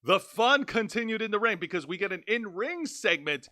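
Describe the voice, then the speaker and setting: A man hosting a casual wrestling review podcast, talking in an animated, jokey, rambling way. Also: high voice, normal speed, no room sound, clean studio sound. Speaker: podcast host.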